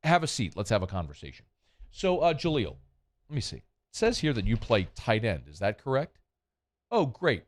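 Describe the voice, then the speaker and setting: Male host doing a boastful middle-aged football coach, smooth self-congratulating sales pitch. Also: big pitch swings, normal speed, natural voice.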